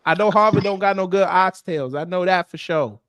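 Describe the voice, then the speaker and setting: A fairly high-voiced man hosts a casual talk show with loud, teasing humor. His voice sounds dry and close, with no room around it. He jokes and jabs at his co-host in a fast, lively back-and-forth. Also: no echo. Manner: loud, joking, teasing banter. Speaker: podcast host. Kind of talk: casual comedic chat.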